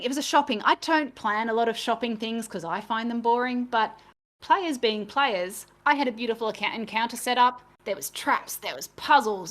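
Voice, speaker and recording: A woman's voice: on the high side, a bit bright. A woman chatting casually as a game master and co-host, talking in a chatty, self-deprecating way and laughing easily. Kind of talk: casual chat.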